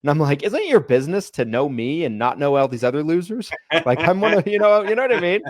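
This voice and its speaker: Speaking quickly in a fairly high voice, this podcast co-host chats casually and brings his stories to life by performing the people in them. The studio recording is clean, with no room sound.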